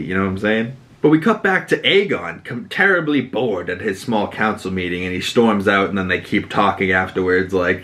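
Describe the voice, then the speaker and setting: A man's voice: on the low side, fairly bright tone. A young man from Boston, hosting a podcast and giving a casual, rambling recap with frequent swearing and filler words. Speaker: podcast host.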